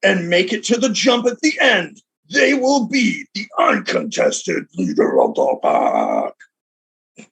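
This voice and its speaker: A booming announcer calls the race, his voice climbing high with every twist, as a man puts him on. The tone is husky and the delivery lively. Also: takes it slowly, full character voice. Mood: announcing. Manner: loud play-by-play calls. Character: excited male sports announcer.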